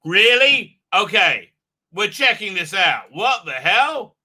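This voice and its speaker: A man's voice: sits high, big pitch swings, takes it slowly, pushed and bright. A man hosting a live stream, rambling with many fillers and restarts while he reads out viewer comments and fiddles with his mic. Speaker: livestream host. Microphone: desk mic with unsteady level.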